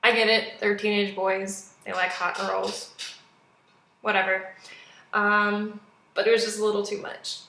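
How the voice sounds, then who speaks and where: A young woman giving a chatty, animated movie review in a casual vlog, acting out quotes now and then. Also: medium pitch, a little slow, long pauses. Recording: echoey room.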